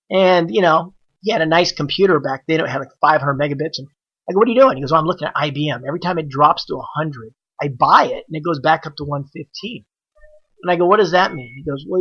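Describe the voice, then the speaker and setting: A man, a podcast guest and trader, telling the story of how he started out in a casual, animated way and acting out the dialogue he quotes. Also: on the high side, slightly rough, muffled recording.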